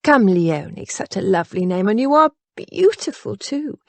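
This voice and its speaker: A woman's voice: medium pitch, very animated, normal speed, dry recording. A woman voicing a cheerful, earthy older mother in an audiobook. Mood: gushing. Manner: gushing, cheerful.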